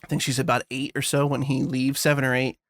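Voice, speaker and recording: A man's voice: mid-range voice, level tone, fast, no echo, studio quality. A man co-hosting a podcast, chatting casually and rambling, swearing now and then. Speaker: podcast co-host. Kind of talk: casual chat.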